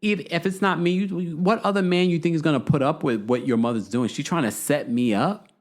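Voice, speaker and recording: A man's voice: fairly high pitch, a little fast, voice pushed up, natural voice. A man voicing an exasperated fiance who is fed up with his future mother-in-law's meddling.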